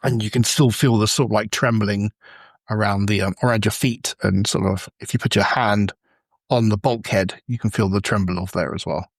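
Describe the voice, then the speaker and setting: A man's voice: on the low side, fairly even intonation, normal speed, slightly rough, no echo, studio quality. A man running a tabletop game, narrating the scene in a loose, improvised way full of "sort of" and "like". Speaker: game master.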